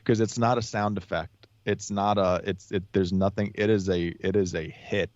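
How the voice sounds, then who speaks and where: A man with a very deep voice talks loosely as a podcast guest, restarting his sentences again and again. The recording is dull and lo-fi, dry with no room sound. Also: fairly even intonation, moderate pace, a little mellow, no room sound. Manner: rambling, many restarts and fillers. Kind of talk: casual podcast chat.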